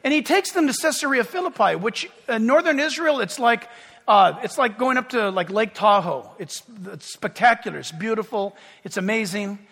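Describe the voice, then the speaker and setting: At a moderate pace, a male pastor delivers a sermon, his bright, high voice filling a church hall full of reverb. He gets animated, raising his voice to play shouting crowds and trading jokes with the congregation, and the sanctuary leaves a long echo.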